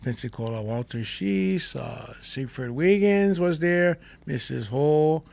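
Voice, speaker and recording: An older man from Hawaii, a guest chef telling stories in a lively, casual way with pidgin turns. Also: a little high, takes it slowly, gravelly. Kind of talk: casual storytelling.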